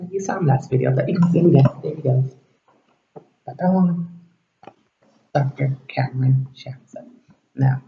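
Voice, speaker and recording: A man rambles through a personal story to camera, slipping into quoted dialogue and sometimes sinking to a whisper. His voice is very dark and gravelly. The recording sounds dull and lo-fi, in a roomy space. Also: fairly high pitch. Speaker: vlogger.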